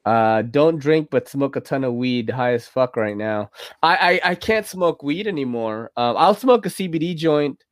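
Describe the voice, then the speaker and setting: A man's voice: medium pitch, animated, normal speed, no echo, studio quality. A man hosting a podcast while drunk, rambling casually between laughs and curses. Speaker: podcast host.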